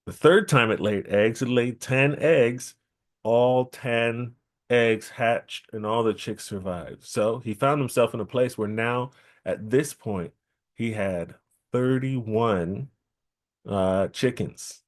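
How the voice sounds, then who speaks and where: A man telling a traditional story at a temple gathering, lively, repeating key phrases for emphasis. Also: mid-range voice, slow pace. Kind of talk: oral storytelling.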